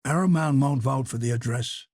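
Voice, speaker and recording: A man's voice: medium pitch, moderate pace, darkish tone, dry recording, clean studio sound, lightly acted. A man voicing a moody, weary canvasser who speaks plainly in an audiobook.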